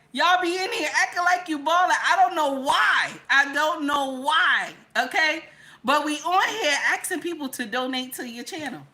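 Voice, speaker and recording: A middle-aged woman hosts a commentary channel, preaching to viewers and repeating her points, going from loud to hushed. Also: high voice.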